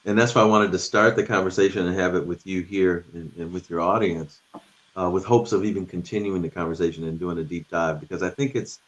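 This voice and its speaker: A man's voice: low voice, fairly even intonation, fairly quick, muffled recording. A middle-aged man talking about respect as a guest on a talk show, earnest and thoughtful, with frequent restarts. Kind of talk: reflective conversation.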